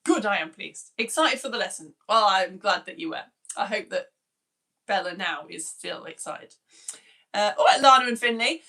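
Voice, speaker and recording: A woman in her forties, a science teacher, chatting warmly through viewer comments on a live-streamed lesson, greeting each by name. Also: medium pitch, animated, normal speed.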